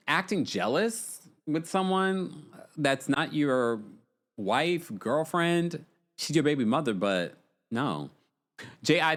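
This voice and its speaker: Here a US podcast host with a medium-pitched, slightly bright voice chats his way through a casual livestream recap. Along the way he reads viewer super chats aloud.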